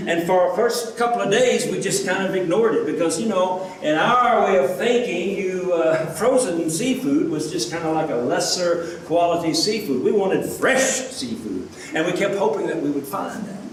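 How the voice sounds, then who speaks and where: A man's voice: high voice, expressive, normal speed, hardly any pauses. A man preaching a sermon as pastor, earnest, asking his listeners rhetorical questions. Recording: echoey room, from a distance, faint background noise.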